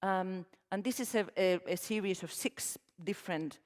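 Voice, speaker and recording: A middle-aged woman from Spain with a Spanish accent, giving a lively, emphatic conference talk with frequent restarts. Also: medium pitch, moderate pace. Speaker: conference speaker. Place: conference hall. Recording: long hall reverb.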